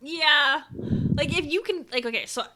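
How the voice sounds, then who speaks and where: A woman's voice: high voice, normal speed, bright, forceful tone. A young woman running a tabletop game over a video call, explaining rules casually with lots of fillers. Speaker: game master.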